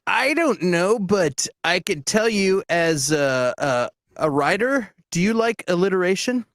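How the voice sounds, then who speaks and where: A man's voice: high-pitched, big pitch swings, unhurried, a bit bright, no room sound, clean studio sound. A man co-hosting a film podcast, speaking hesitantly with many fillers and restarts. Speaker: podcast co-host. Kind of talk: casual chat about films.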